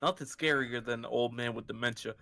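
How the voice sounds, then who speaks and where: A man's voice: mid-range voice, brisk, gravelly, heavy background noise. A man co-hosting a podcast, telling stories with lots of laughter in casual chat. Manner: laughing, expressive storyteller. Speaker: podcast co-host.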